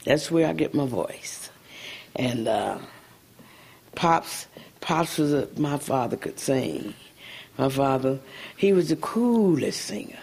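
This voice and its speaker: An older woman singer, a guest in an interview, telling animated stories with a gravelly voice and frequent laughter. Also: a bass voice, takes it slowly, pauses often. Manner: laughs often, breaks into sung snippets. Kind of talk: animated storytelling.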